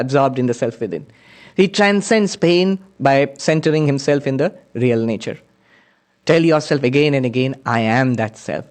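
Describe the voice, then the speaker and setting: A man delivers a spiritual lecture in an earnest, storytelling manner, his voice sitting a little high for a man. He moves between teaching, anecdotes and slow chanted Sanskrit verses. Plain, unhurried lecture delivery.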